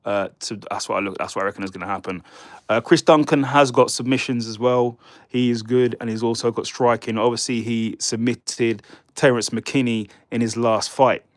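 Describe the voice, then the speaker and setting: A man's voice: mid-range voice, steady tone, moderate pace, dry recording. Male streamer, loose chatty delivery, trips over names, dry mic. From United Kingdom. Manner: rambling, stumbles over fighter names, chats with viewers. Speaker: livestream host. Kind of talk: casual live-stream fight predictions.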